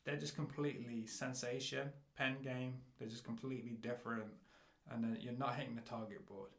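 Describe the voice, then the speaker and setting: A man's voice: medium pitch, steady tone, normal speed, creaky. A man giving a rap lesson, explaining rhymes and rapping short example bars between explanations. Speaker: rap teacher. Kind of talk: instructional talk with rapped examples. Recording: roomy echo.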